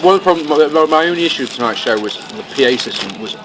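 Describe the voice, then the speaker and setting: A man co-hosting a casual podcast, chatty and swearing casually, recorded in a fast-food restaurant. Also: on the high side, lively intonation. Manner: chatty, swears casually, talks while eating. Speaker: podcast co-host. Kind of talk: casual chat. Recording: noisy crowded restaurant. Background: busy restaurant crowd chatter.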